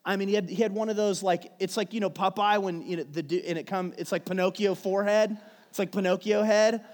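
A man's voice: sits high, steady tone, a little fast, darkish tone. A man preaching a sermon, telling a family story in a conversational way with frequent restarts. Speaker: pastor. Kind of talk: sermon with personal stories. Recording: long hall reverb.

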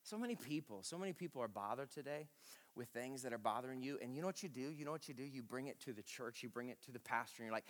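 A man preaching a sermon as pastor, animated and emphatic, repeating his phrases and swinging from loud exclaiming to hushed intensity. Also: mid-range voice, fast, big-room sound.

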